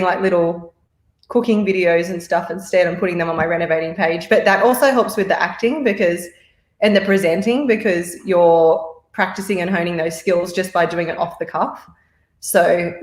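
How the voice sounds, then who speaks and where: A woman's voice: fairly low pitch, echoey room. An Australian woman chatting as a podcast guest, rambling and laughing often. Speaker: podcast guest, marketer and actor. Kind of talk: casual interview chat.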